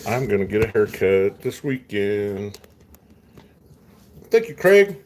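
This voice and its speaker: A middle-aged man with a West Texas accent hosts a casual chat with viewers while eating dinner. His fairly low, darkish voice is sing-song and slow, with a laid-back drawl. There is slight background noise.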